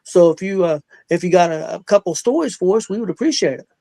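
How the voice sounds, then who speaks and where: A man hosts a casual talk show, fairly high-pitched, his speech halting and full of small fillers. The sound is dry and close, with no room around it. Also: animated, creaky, dark tone, no echo. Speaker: podcast host. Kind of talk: casual chat.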